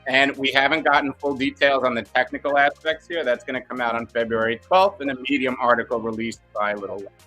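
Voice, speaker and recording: A man's voice: mid-range voice, steady tone, fast, hardly any pauses, bright, forceful tone, soft background music. A man co-hosting a casual podcast chat, playful and jokey, explaining things at length. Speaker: co-host.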